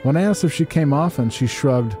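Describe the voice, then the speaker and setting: A man hosting a comedy podcast, reading an erotic letter aloud in a deadpan, mock-solemn way. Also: mid-range voice, brisk, soft background music. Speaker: podcast host.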